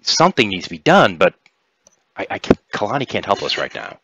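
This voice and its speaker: A man's voice: lowish voice, huge pitch swings, brisk, fairly bright tone, slightly rough, no echo, voice pushed up, exaggerated voice. Man playing an evasive alien envoy, hesitant and stammering, dull lo-fi sound.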